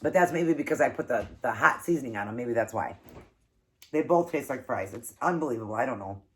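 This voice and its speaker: A woman's voice: very deep voice, expressive, brisk. A woman hosting an eating show, casually telling an embarrassing story and laughing often.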